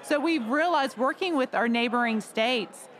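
A woman's voice: a little high, animated, normal speed, fairly bright tone, slight background noise. Businesslike woman speaking on a panel. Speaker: tourism official. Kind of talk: panel discussion.

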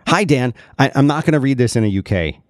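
A man hosting a podcast, chatting casually in an animated way and often restarting his sentences. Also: medium pitch, fast talker, dry recording, studio quality. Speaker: podcast host.

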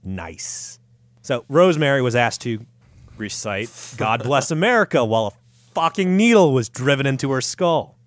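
A man's voice: medium pitch, expressive, normal speed, no room sound. A man hosting a podcast, telling a story in a crude, sarcastic, profane way. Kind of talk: casual comedic storytelling.

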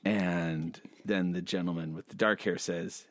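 A man's voice: low-pitched, steady tone, measured pace, no room sound, clean studio sound. A man casually chatting on a podcast, describing comic strip panels and laughing often. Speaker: podcast co-host. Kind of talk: casual chat reading a comic strip aloud.

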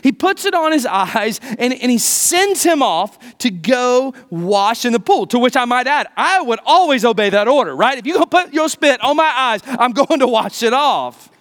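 Animated high-voiced male preacher. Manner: conversational, animated, jokey asides to the congregation. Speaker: pastor. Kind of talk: sermon.

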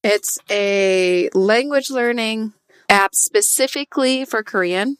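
A woman co-hosting a tabletop game podcast in casual chat, animated and joking, swearing freely. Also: medium pitch, slow, clean tone, dry recording. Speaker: podcast player and co-host.

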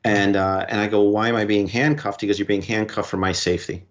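A man with a fairly low voice recounts a story as a podcast guest. He talks in short bursts and quotes each exchange back and forth. The recording sounds dull and lo-fi. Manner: recounts events in quick short bursts, quoting dialogue. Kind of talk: conversational storytelling.

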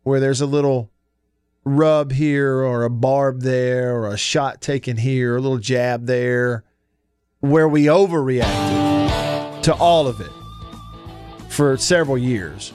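A man hosting a sports radio show in a studio, talking in a relaxed, chatty way and laughing easily. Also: mid-range voice, slow pace, faint music behind. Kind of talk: casual sports talk radio. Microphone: studio microphone.

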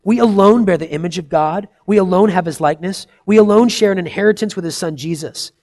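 A man in his thirties preaching a sermon, earnest and conversational, swinging between loud emphasis and soft, quiet asides. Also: high-pitched, quick pace. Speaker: pastor.

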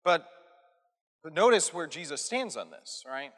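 A man's voice: on the high side, very animated, a little slow, fairly bright tone. A man giving an earnest, emphatic teaching on scripture as a Catholic preacher, often checking in with his listeners. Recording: echoey hall with long reverb.

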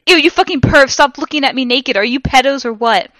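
A woman voicing an overwrought goth teenage vampire girl, shouting in a shrill, exaggerated way. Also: brisk, no echo. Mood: outraged.

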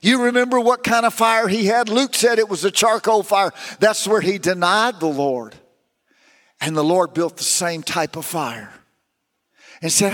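A man's voice: high-pitched, moderate pace, fairly bright tone, long reverb tail. A man preaching a sermon, telling stories with rising and falling emphasis.

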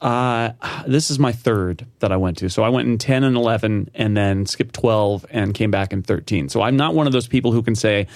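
A man chats as a guest on a casual podcast. He talks in an animated way and laughs easily, and he often restarts his sentences. His voice is gravelly with plenty of vocal fry, and it is recorded dry and close to the mic. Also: lowish voice, normal speed, hardly any pauses, no echo.

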